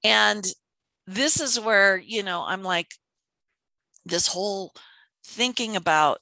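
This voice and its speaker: A woman's voice: mid-range voice, slow pace, vocal fry, pauses often, dry recording. A woman in casual conversation, telling stories animatedly and acting out quotes. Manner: animated, storytelling with acted-out quotes. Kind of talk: casual chat.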